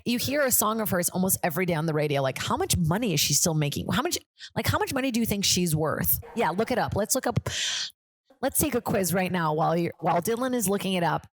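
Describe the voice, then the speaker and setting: A woman's voice: fairly low pitch, animated, a little fast, no echo, clean studio sound. A woman hosting a comedy podcast, chatting casually in a rambling way, full of "like" and swearing. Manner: rambling, lots of "like", swears freely. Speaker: podcast host.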